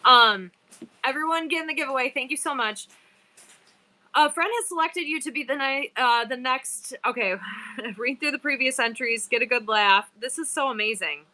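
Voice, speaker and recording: Her voice is high-pitched, bright and pushed, at a normal speed. She runs a relaxed live-selling stream, talking with viewers and reading out their bios.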